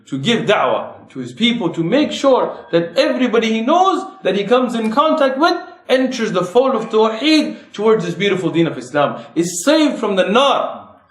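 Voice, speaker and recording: Impassioned high-voiced male preacher, echoey hall. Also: big pitch swings, moderate pace. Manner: impassioned, rhetorical questions, rising emphasis. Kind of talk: sermon. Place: mosque prayer hall.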